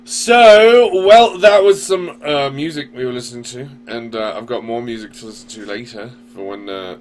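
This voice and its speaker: A man's voice: medium pitch, moderate pace. A man hosting a casual online radio show, rambling loosely and swearing now and then. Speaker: podcast host. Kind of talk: casual talk radio chat.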